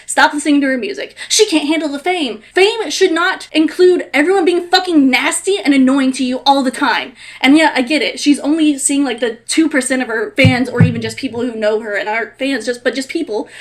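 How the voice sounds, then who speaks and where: High-voiced woman ranting. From United States. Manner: exasperated, sweary, emphatic. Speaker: vlogger. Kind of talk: ranting commentary.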